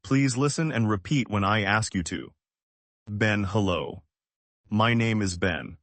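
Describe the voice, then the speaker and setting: A man from the United States, teaching English in slow, simple, evenly paced sentences. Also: on the low side, a bit bright, no echo. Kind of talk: slow scripted lesson.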